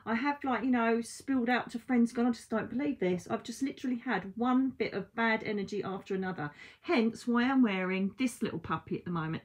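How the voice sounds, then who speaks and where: Brief: woman, psychic card reader, chatty and blunt, casual at-home delivery, salty asides. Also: fairly high pitch. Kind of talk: casual oracle card reading. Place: at home by window blinds.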